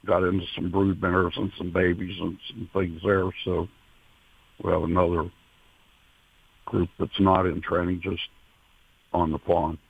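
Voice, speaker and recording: A man, a racehorse owner, being interviewed over the phone, talking in a halting way with many fillers and restarts, emotional. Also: low-pitched, creaky, husky, no room sound. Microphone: telephone. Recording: tinny phone line.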